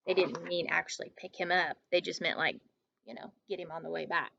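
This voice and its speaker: A woman's voice: on the low side, a little fast, creaky, no room sound, dull audio. Woman reading a storybook to kids. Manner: expressive read-aloud with asides to students. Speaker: teacher. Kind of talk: reading a picture book aloud to children.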